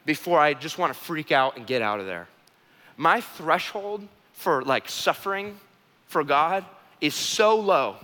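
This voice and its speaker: Earnest young pastor in a reverberant hall. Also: male voice, a little high, bright, forceful tone. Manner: earnest, emphatic storytelling with acted quotes. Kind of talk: sermon.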